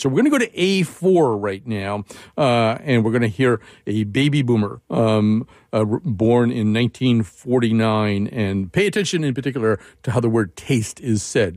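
A man's voice: mid-range voice, a little mellow, no room sound, studio quality. A man hosting a radio interview, talking casually and introducing audio clips. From Northern US. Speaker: radio host.

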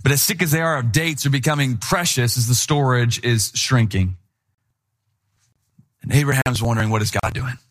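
A young adult man, a pastor, preaching a sermon in a lively, conversational storytelling way. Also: medium pitch, moderate pace, long pauses.

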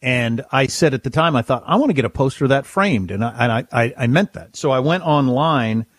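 A man's voice: mid-range voice, brisk, no room sound, studio quality. A man co-hosting a talk radio show, chatting casually and joking at his own expense. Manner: joking, self-deprecating.

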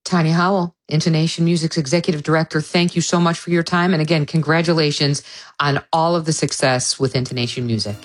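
A woman who hosts a radio show interviews a guest and congratulates her, speaking as a warm interviewer. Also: deep voice, steady tone, fast talker. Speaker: radio host.

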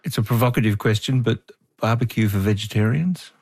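A man's voice: fairly low pitch, brisk, darkish tone, slightly rough. A male interviewer who asks wry questions and adds brief interjections. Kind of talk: conversational interview.

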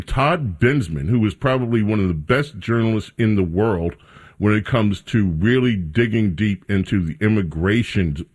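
A man hosting a talk radio show, introducing clips and guests in a casual, rambling way. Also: fairly low pitch. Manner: sarcastic, mocking reporters in a raised voice.

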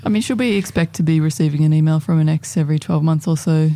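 A woman's voice: low-pitched, fast talker, dark tone. A woman hosting a casual radio chat show, talking in a playful, teasing way. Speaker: radio host.

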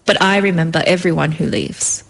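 A woman's voice: sits low, a little fast, gravelly, slightly rough, heavily acted. A woman voicing a heavy-set aunt who cries out in hurt defiance. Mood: hurt defiant. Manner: crying out, defiant.

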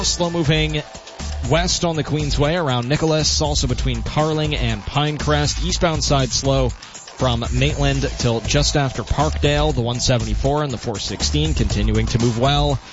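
A man co-hosting a radio show, reading weather and traffic briskly. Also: mid-range voice, lo-fi sound. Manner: easygoing, brisk when reading. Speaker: radio co-host and news reader. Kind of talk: radio banter and traffic report.

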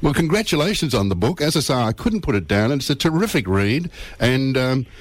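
A man's voice: medium pitch, very animated, fairly quick, no echo. A man interviewing a guest on radio, enthusiastic and full of fillers.

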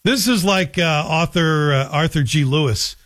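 A man hosting a talk show, delivering a blunt, sarcastic, animated opinion monologue. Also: on the high side, unhurried. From Canada. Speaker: radio talk show host.

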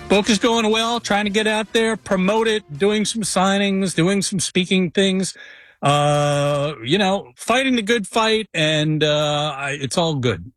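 A man's voice: high voice, slow, a bit bright, no echo, soft background music. Upbeat man guest on a sports show. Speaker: guest, graphic artist and author. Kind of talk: casual sports chat.

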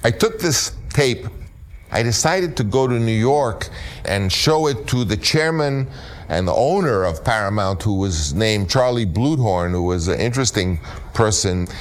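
An older man, a film director, telling a personal anecdote with lively storytelling that acts out other voices. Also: unhurried. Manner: acts out other people's voices, jumping high for quotes.

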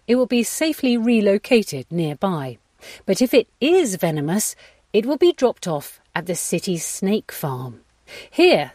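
Lady radio host reading intros, bouncy pitch, dry close sound. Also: darkish tone, no echo. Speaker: radio presenter. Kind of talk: scripted news presenting.

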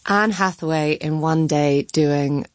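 A woman's voice: sits low, slow pace, dry recording, studio quality. A woman cultural critic chatting on a radio arts show, chatty and enthusiastic. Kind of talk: lively studio chat.

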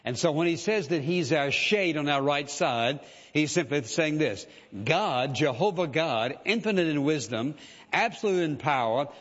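Preacher with a reverberant, muffled sound. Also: male voice, on the high side. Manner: conversational preaching with many "uh" fillers and "listen" asides. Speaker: pastor. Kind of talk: sermon. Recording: reverberant hall, dull lo-fi sound.

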